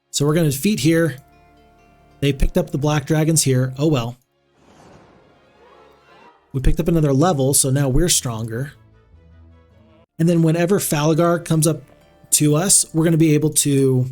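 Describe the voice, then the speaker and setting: A man's voice: on the high side, a little mellow. Chatty, rambling male game streamer. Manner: chatty, rambling, many restarts. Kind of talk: casual live-stream commentary.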